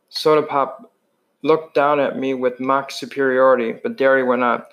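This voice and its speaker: A man's voice: mid-range voice, fairly even intonation, normal speed, a bit bright. A man reading a novel chapter aloud in a plain voice, with frequent slips and restarts. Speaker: reader.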